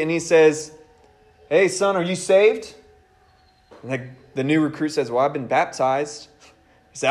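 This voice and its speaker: A man preaching a casual, animated sermon, laughing and acting out the people he quotes. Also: fairly high pitch.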